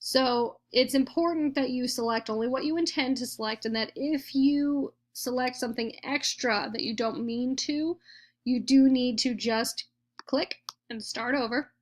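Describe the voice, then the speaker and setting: Woman teacher with a higher voice. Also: a little slow. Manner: patient step-by-step explaining. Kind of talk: screen-recorded tutorial.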